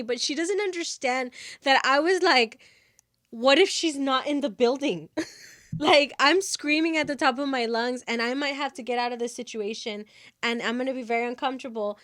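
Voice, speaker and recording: Animated woman telling a dramatic story. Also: high voice, no room sound, clean studio sound. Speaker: podcast host. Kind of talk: casual storytelling.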